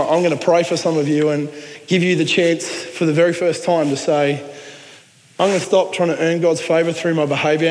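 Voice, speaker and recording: A man's voice: fairly high pitch, darkish tone. Man, Australian accent, pastor, sermon, earnest with joking asides, long hall reverb.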